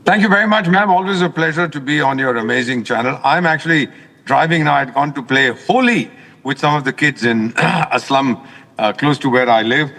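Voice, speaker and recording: An older man, a former ambassador, speaking forcefully and indignantly as a guest on a news broadcast while driving. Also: fairly high pitch, normal speed, in a large hall. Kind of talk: news interview commentary. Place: in a car, driving.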